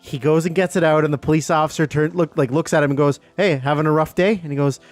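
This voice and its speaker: A man's voice: fairly high pitch, steady tone, quick pace, no echo, faint music behind. Man rambling through a casual story. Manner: rambling anecdote with many fillers and acted quotes. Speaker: guest.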